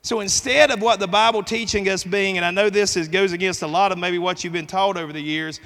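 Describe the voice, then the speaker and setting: Man, pastor, sermon, high voice, earnest emphatic delivery, long hall reverb. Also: sharp tone. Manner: earnest preaching with emphatic rises. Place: church sanctuary.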